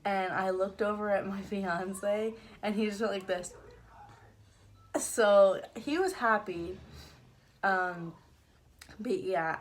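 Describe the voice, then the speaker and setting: Young woman, casual vlog storytelling, chatty, filler words, middle pitch, faint background hum. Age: young adult. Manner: chatty, laughs now and then, many fillers. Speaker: vlogger.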